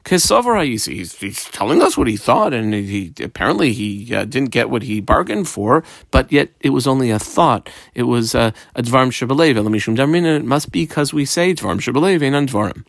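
A man's voice: medium pitch, animated, brisk, gravelly, few pauses, dry recording, clean studio sound. A man giving a Talmud lesson who reads the Aramaic text aloud and translates it phrase by phrase, adding explanations with frequent fillers. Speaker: Talmud teacher.

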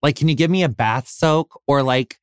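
A man's voice: mid-range voice, moderate pace, clear, resonant tone, no room sound, studio quality. Gushing American man hosting a podcast. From United States. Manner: effusive, gushing, heavy filler "like", casual swearing. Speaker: podcast host. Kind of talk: casual interview chat.

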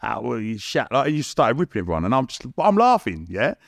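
A man's voice: medium pitch, very animated, fast, vocal fry, no room sound, clean studio sound. A young man, a podcast guest telling stories in a chatty way, full of slang, banter and laughter. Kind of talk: casual storytelling.

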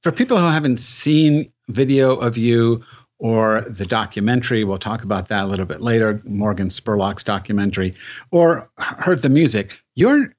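A man hosting a radio interview, asking thoughtful questions at a measured pace. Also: on the low side.

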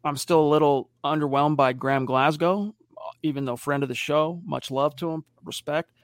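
This podcast co-host has a fairly high voice and a moderate pace, captured in a dry, studio-quality recording. On the casual sports show, he reads viewer comments from the live chat and spins lively stories, performing the quotes as he goes.

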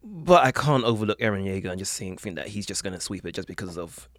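A man co-hosting a casual podcast chat. He speaks in a low-key, hesitant way and adds dry remarks. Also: lively intonation, fast talker, no echo. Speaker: podcast co-host.

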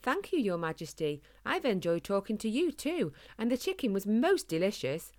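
A woman's voice: medium pitch, sing-song, moderate pace, no echo, pitched above the performer's own voice, close to an everyday voice. A woman voicing a polite young hedgehog boy. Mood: grateful. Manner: very polite, earnest questions. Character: polite young male hedgehog, eager and earnest.

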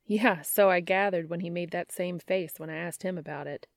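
A woman's voice: lowish voice, moderate pace, vocal fry, dry recording, studio quality. A woman voicing a brash, teasing young barmaid in a read-aloud story. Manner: teasing, blunt.

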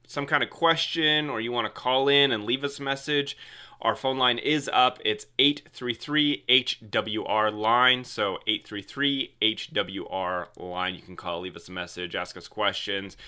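Bright-voiced excitable podcast host man. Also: lowish voice. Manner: loose, excitable, heavy use of "like". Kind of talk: casual podcast chat.

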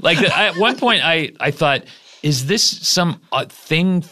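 Comedy podcast guest, man, bright tone, animated and mock-outraged. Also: fairly high pitch. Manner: playful, quick to rise in mock outrage. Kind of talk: casual comedic chat.

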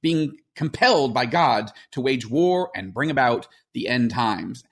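A man's voice: mid-range voice, lively intonation, a little slow. A man talks on a podcast in an earnest, explanatory way. He often restarts his sentences and drops in fillers as he goes. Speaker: podcast host. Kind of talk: casual podcast discussion.

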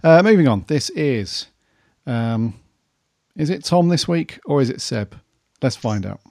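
Brisk man co-hosting a podcast. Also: medium pitch, expressive, warm tone, no echo, clean studio sound. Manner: brisk, matter-of-fact, jokey. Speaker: podcast co-host. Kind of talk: casual chat.

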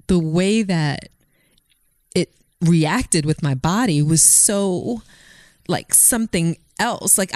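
A woman's voice: fairly low pitch, no echo, clean studio sound. A woman in her thirties co-hosting a podcast, telling stories in casual chat with lots of laughter. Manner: animated storyteller, laughs often. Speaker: podcast co-host.

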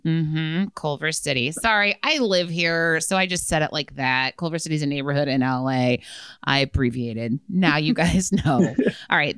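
A chatty woman hosts a casual podcast, reading and telling stories with plenty of fillers. Her voice is smooth and clear, recorded dry and close with no room sound behind it. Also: low voice, normal speed, fairly bright tone, no echo. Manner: chatty, filler-heavy storytelling. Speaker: podcast host.

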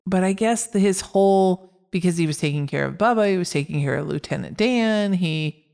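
A woman's voice: lowish voice, lively intonation, a little fast, creaky, darkish tone. A woman co-hosting a casual podcast chat, reading out film facts in an upbeat way. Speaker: podcast co-host.

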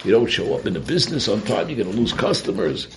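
A man voicing a wife who scolds her husband in a raised pitch. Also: big pitch swings, fast, a little hiss or hum. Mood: scolding. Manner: scolding, pleading.

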